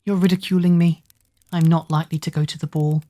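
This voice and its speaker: A woman voicing a kind, meek young servant girl who speaks softly and humbly. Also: low-pitched, flat delivery, quick pace, dry recording, natural voice. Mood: sad.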